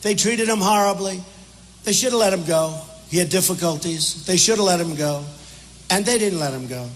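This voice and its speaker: The speaker is an older political candidate at a podium microphone, rambling, repeating himself and picking fights during a crowded airport hangar rally. His voice sits high at normal speed, recorded in an echoey hall with faint background noise.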